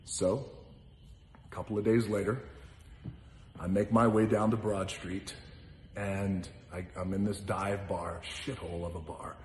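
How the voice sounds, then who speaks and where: A man telling a casual, animated anecdote, now and then breaking into song and laughing as he goes. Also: low voice, measured pace, pauses often, slight background noise. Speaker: storyteller answering questions. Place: large gym. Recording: roomy echoey hall.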